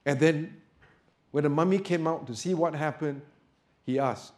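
Preacher man, soft then rising loud. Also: fairly high pitch, moderate pace, long pauses. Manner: builds from soft storytelling to loud emphatic preaching. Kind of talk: sermon with storytelling.

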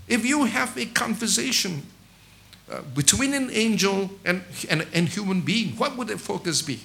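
A middle-aged man with a high, gravelly voice preaches a sermon through animated storytelling. He poses rhetorical questions and restarts phrases by repeating words.

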